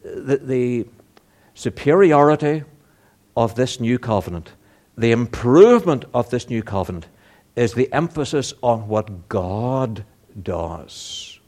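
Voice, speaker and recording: Slow earnest male preacher. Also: animated, darkish tone. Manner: earnest, rises in pitch and volume for emphasis, rhetorical questions. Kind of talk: sermon.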